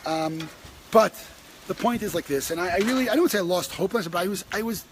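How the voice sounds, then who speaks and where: A man speaks with a high, lively voice, stumbling through restarts and then surging upward as he presses his point. The talk is impassioned and personal. Steady noise sits under the recording. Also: brisk, low-quality recording. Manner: impassioned, many restarts, rising when stressed. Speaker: host.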